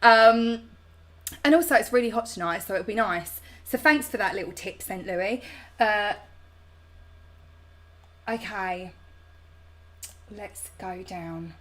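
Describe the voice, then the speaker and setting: Speaking slowly with long pauses, the woman has a mid-range, slightly bright voice. She hosts a home livestream in a British English accent, reading viewer comments aloud and replying with chatty, bubbly slang.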